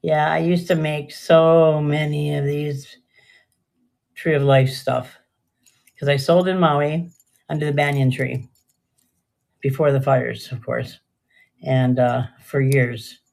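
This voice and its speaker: A woman's voice: low voice, little pitch movement, slow pace, gravelly, pauses often, a little mellow. An older woman chatting casually and rambling through a live jewelry sale, often trailing off mid-sentence. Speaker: live-stream jewelry seller.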